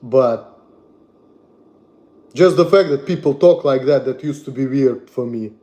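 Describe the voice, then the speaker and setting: A young man from Russia with a Russian accent, ranting bluntly and profanely on a livestream, repeating himself and swinging between loud and soft. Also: mid-range voice, measured pace. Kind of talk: casual rant to stream.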